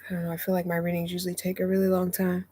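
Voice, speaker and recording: A young woman casually chatting on a live stream from inside her motorhome, animated and laughing often. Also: fairly low pitch, very fast, slight background noise. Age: young adult. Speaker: vlogger and oracle card reader.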